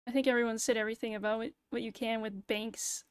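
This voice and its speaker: A woman's voice: fairly high pitch, steady tone, quick pace, clear, resonant tone, no echo. A young woman streamer in casual livestream chat, ranting sarcastically and swearing freely into a close mic. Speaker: VTuber streamer.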